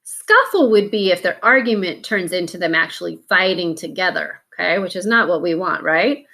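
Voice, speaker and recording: A woman's voice: lowish voice, animated, moderate pace, sharp tone. A woman teaching a phonics lesson, patiently sounding out letters one at a time and breaking words into syllables.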